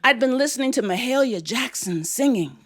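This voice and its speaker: An older woman telling a personal story to a live audience on stage, expressive and playful. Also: on the high side, fairly quick.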